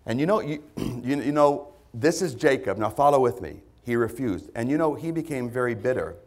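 Male pastor, conversational sermon with lively pitch, acts out quotes. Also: normal speed. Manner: lively, conversational preaching with sudden loud put-on voices.

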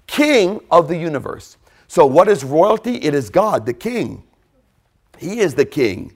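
A man preaching a sermon, emphatic, repeating key phrases and dropping to a quiet stress on points. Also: fairly high pitch, sing-song, a little slow.

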